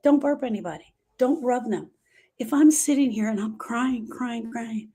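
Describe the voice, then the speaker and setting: A woman's voice: on the high side, normal speed, warm tone. A woman grief specialist talking live to her viewers, giving emphatic, repetitive, direct advice.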